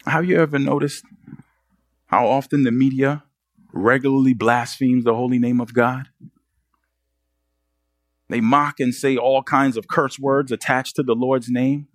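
A male pastor delivers an earnest sermon, firing rhetorical questions at his listeners. His voice sits in a middle pitch. The sound is dry and close, with no room echo.

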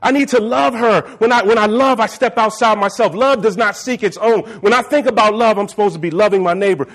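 A preacher whose voice sits very high for a man. He drives his sermon with fervent, rising passion and builds to shouts. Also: fairly quick. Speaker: pastor.

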